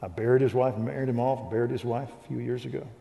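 Older man, evangelical speaker, animated storyteller, mid-pitched voice, long hall reverb. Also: quick pace, gravelly. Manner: animated storyteller, acts out dialogue. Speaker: Christian speaker. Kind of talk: preaching testimony.

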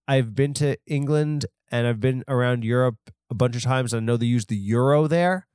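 A man's voice: medium pitch, normal speed, darkish tone, clean tone, dry recording, studio quality. A man hosting a podcast, rambling through an off-the-cuff comedic story and mocking himself as he goes. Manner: self-deprecating, rambling, off the cuff. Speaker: podcast host.

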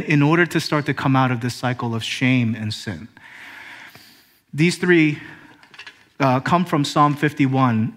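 Pastor, male, slightly high-pitched, preaching with pauses and building emphasis. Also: fairly bright tone. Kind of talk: sermon.

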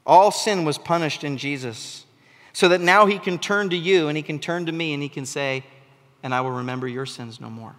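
Animated preacher man in a reverberant hall. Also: fairly high pitch, moderate pace. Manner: animated, rising to emphatic bursts. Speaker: pastor. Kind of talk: sermon.

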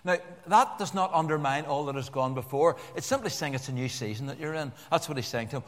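An older man preaching a sermon to a congregation in an animated way, repeating words and joking with the listeners. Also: on the high side, fairly quick. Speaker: pastor. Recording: long church-hall reverb.

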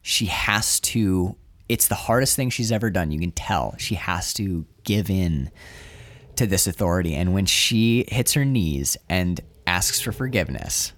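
A man's voice: low-pitched, measured pace, dry recording. A man co-hosting a podcast, talking casually and emotionally with frequent swearing and restarts. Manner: animated, emotional, swears freely, many restarts. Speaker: podcast co-host reviewing a film. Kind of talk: casual chat.

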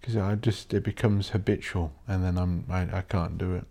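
Guy, deep voice, swearing, rambling solo podcast host. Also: steady tone, moderate pace, warm tone. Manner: swears a lot, rants and mocks posh voices.

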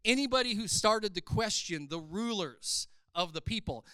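A man preaching an animated sermon in a church service, building to loud, emphatic passages. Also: sits high, moderate pace, few pauses, smooth, dry recording, studio quality. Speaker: pastor.

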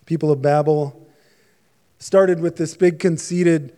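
A male pastor preaching a sermon in a casual, conversational way. He slips in jokes and asides to his listeners. His voice sits a little higher than usual for a man. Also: fairly even intonation, slow pace, dark tone.

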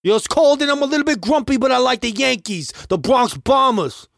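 A man putting on a loud, grumpy New York guy. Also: very high voice, lively intonation, a little fast, vocal fry, dry recording, clean studio sound, voice pushed up, full character voice. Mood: clowning. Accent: put-on New York. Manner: loud, exaggerated, clowning.

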